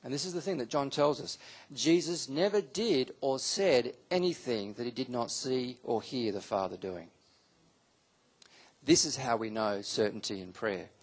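A man teaching a Bible school class to a live audience, animated and acting out quotes with sudden leaps in pitch. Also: normal speed, breathy edge. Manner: animated, acts out quotes with big pitch jumps. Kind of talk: teaching sermon.

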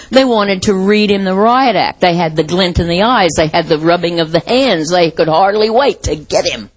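Aussie lady pastor giving a sermon, husky breathy voice, earnest, drops soft and quiet at times. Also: medium pitch, low-quality recording. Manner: earnest, heartfelt storytelling with soft dips.

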